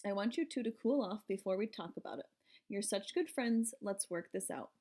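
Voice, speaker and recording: A woman reading aloud voices a female schoolteacher who speaks firmly and calmly to quarreling pupils. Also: mid-range voice, natural voice. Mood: calming. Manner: firm and measured. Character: firm, calm female schoolteacher.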